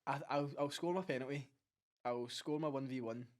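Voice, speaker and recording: A young Scottish man hosting a casual football podcast, setting up the segments and keeping things moving. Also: medium pitch. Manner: fast, organising, runs the segments. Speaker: podcast host. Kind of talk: casual chat.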